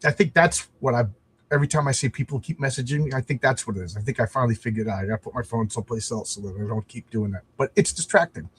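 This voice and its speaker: A man's voice: mid-range voice, fast, a bit bright, a little hiss or hum. A man hosting a casual livestream, chatting in a rambling, self-deprecating way with frequent restarts. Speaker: comic book creator and livestream host.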